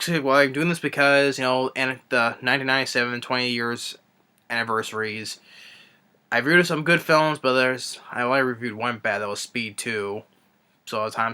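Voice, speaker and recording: A man reviewing a film in an unscripted rant, exasperated and scornful, rambling with halting restarts and fillers. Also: mid-range voice, pushed and bright, smooth. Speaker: movie reviewer.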